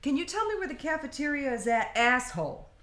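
Female co-host, animated joke-teller, bright and expressive, reverberant room. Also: high-pitched, brisk. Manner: animated, joke-telling, acts out quotes. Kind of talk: casual chat.

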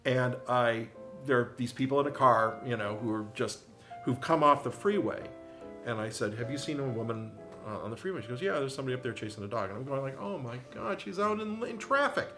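A middle-aged man with a mid-pitched voice tells his side of the story in an earnest, explaining way. Faint music sits behind him. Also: quick pace. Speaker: her husband, co-guest. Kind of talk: defensive storytelling.

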